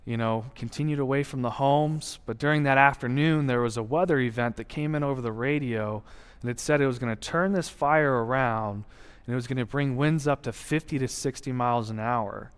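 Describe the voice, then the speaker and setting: A man's voice: medium pitch, clean tone. Earnest man telling his story in a reverberant hall. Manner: earnest, reflective storytelling with deliberate pauses. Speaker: guest speaker sharing testimony. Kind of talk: personal testimony.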